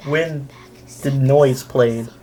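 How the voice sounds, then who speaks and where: A woman's voice: extremely low pitch, extremely slow, dark tone, slight background noise. A woman giving blunt, joking reaction commentary to a horror game, swearing now and then. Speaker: reaction streamer.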